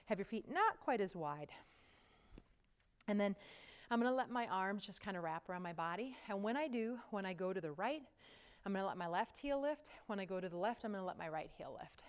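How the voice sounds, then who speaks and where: A woman's voice: mid-range voice, smooth. A woman teaching a yoga class, giving casual, chatty movement cues while out of breath from the exercise. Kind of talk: guided yoga class instruction.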